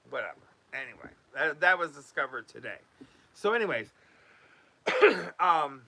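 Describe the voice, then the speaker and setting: A man's voice: medium pitch, creaky, pushed and bright. A man hosting a casual home vlog, talking loosely with many fillers and restarts. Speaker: YouTube host.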